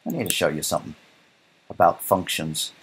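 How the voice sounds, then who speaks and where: A man's voice: deep voice, animated, brisk, fairly bright tone, slightly rough. A man teaching a programming lecture while coding live, thinking aloud in a casual way and often checking in with "right?". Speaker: programming instructor.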